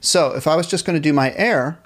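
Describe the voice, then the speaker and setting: Male band teacher on a live stream, voice a bit high, explaining and counting in for players at home. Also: brisk, fairly bright tone. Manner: talks to viewers and reads the chat, counts off rhythms. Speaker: music teacher.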